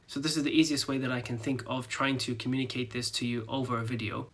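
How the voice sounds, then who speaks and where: A man teaching greeting pronunciation, patiently drilling each word slowly syllable by syllable. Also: medium pitch, fairly even intonation, bright, forceful tone. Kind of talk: slow step-by-step pronunciation lesson.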